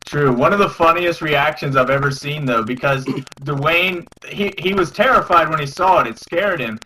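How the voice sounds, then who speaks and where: A man's voice: a little high, normal speed, bright, forceful tone, slight background noise, rough recording. A man telling easygoing stories as a podcast guest in casual chat, laughing often, on a video call.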